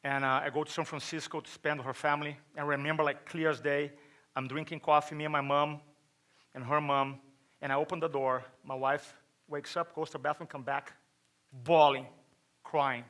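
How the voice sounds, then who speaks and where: His voice is a touch high and steady, with a sharp edge, normal speed and long pauses. He is a middle-aged Brazilian with a Brazilian Portuguese accent giving a motivational stage talk at a chiropractic event, where he tells a personal story, acts out quotes and asks the audience questions.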